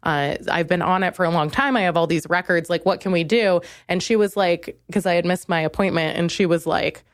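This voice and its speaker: A young woman comedian hosting her own podcast, in a rambling, crude, self-deprecating monologue that jumps into high, exasperated rants. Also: brisk, few pauses, no room sound, clean studio sound.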